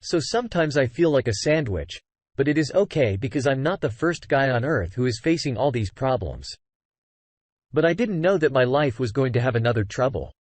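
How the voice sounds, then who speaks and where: A man's voice: medium pitch, animated, normal speed, darkish tone, no room sound. Earnest man telling his own story. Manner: conversational, frequent "you know" fillers. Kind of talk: first-person story narration.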